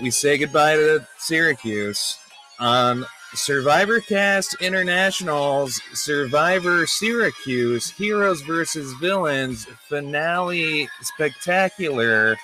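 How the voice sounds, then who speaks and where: A man's voice: fairly high pitch, takes it slowly, over music. A man co-hosting a casual podcast, joking and laughing while doing a watch-along commentary. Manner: joking, animated, laughs often. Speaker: podcast co-host.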